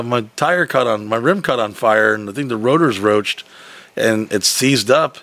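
A man's voice: mid-range voice, lively intonation, normal speed, a bit bright, dry recording. A man telling a long story in casual chat, profane and rambling, acting out the people in it.

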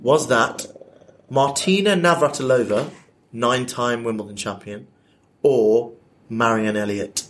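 A playful man hosts a casual podcast chat, reading out quiz questions with an easy, joking manner. His voice sits at an ordinary middle pitch, and he laughs often between lines. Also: unhurried, a bit bright, slight background noise. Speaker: podcast host running a quiz.

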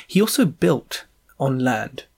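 A man hosting a property podcast, chatty and jokey with quick asides. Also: mid-range voice, sing-song, vocal fry, a little mellow, breathy edge. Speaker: podcast host. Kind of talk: casual podcast interview.

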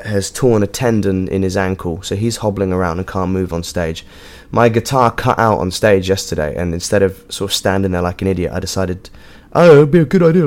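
An English man with a somewhat low voice talks off the cuff as host of his own show. He rambles from one thought to the next, swears freely and fills the gaps with ums and likes. His tone is joking and loose, a one-person chat. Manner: rambling, sweary, jokey, with frequent fillers. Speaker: podcast host and touring musician. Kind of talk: casual monologue. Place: hotel room.

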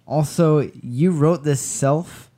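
A man's voice: a little high, takes it slowly, dark tone. Joking male podcast co-host. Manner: joking, laughs often. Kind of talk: casual chat.

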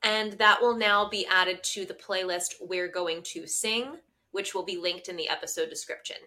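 A woman with a bright, sharp voice walks through scenes of a show in relaxed conversation. Her tone is wry, and she is quick to say which characters bug her. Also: fairly low pitch. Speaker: podcast co-host. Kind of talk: casual recap chat.

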